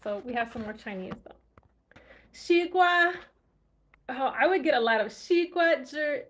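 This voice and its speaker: A woman's voice: fairly high pitch, expressive, normal speed, slight background noise. A woman language vlogger chatting casually, musing aloud and laughing often as she recalls words. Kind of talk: casual livestream chat.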